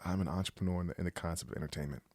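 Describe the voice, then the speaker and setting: A man's voice: sits low, racing, darkish tone, no room sound. A man appearing as a guest on a studio podcast, playful and laughing in casual chat.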